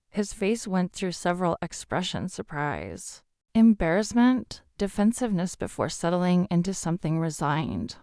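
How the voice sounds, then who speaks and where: Low, lively woman storyteller. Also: moderate pace, no room sound, clean studio sound. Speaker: narrator. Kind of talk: scripted first-person story narration.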